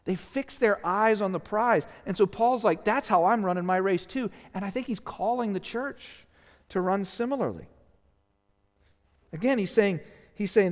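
In a church sanctuary with the long reverb of the hall, a male pastor preaches a sermon in a high-sitting voice at normal speed. He's earnest and emphatic yet tired, frequently asking "right?"

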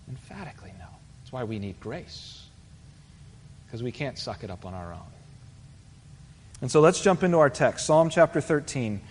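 A pastor giving a sermon in a church sanctuary, speaking in an earnest, conversational way and asking the congregation questions. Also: male voice, medium pitch. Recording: live hall reverb, faint room noise.

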